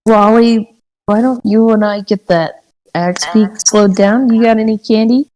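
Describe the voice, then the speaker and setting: A woman's voice: medium pitch, fairly even intonation, darkish tone, poor audio. A woman playing a tabletop role-playing game, talking through her plans in an easygoing way. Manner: easygoing, unhurried planning talk. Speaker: player. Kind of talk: casual tabletop play.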